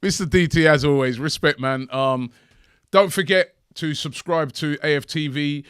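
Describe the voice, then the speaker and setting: A man's voice: on the high side, normal speed, fairly bright tone, clean tone, no echo, clean studio sound. A man hosting a casual podcast, chatty and teasing his guest. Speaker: podcast host.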